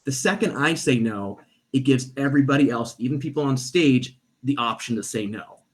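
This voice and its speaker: Talking at a normal speed with a medium-pitched voice, a male stage performer shares a story as a podcast guest. The chat is casual, and he animatedly performs the quoted voices of those involved.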